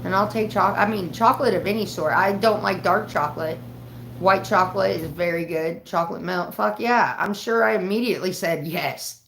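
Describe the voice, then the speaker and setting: A woman's voice: mid-range voice, normal speed, vocal fry, reverberant, a little hiss or hum. A woman chatting casually on a livestream from home, rambling and swearing freely. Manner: profane, rambling storytelling. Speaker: live streamer.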